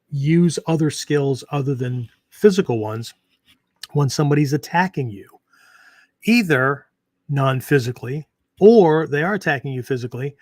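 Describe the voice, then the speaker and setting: A man with a middle-pitched voice talks off the cuff as a podcast host on training. He rambles, restarts often and keeps checking in with "right?". The sound is dry and close, with no room around it. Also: no echo. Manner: rambling, many fillers and restarts, frequent "right?". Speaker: podcast host and martial arts teacher. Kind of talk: casual unscripted talk.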